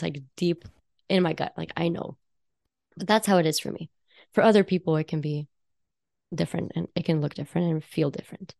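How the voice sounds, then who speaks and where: Chatty low-voiced woman, dry close mic. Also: creaky, no room sound. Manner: chatty and warm, laughs often, full of fillers and restarts. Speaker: guest, intuitive life coach and psychic. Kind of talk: casual podcast conversation.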